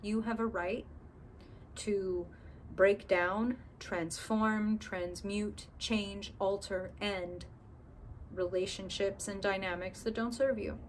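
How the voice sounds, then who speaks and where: A woman's voice: mid-range voice, fairly even intonation, slow pace, slight background noise. Chatty woman reading tarot, swearing freely. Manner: chatty, candid, swears freely, acts out inner voices. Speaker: tarot reader. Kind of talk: casual tarot reading to camera.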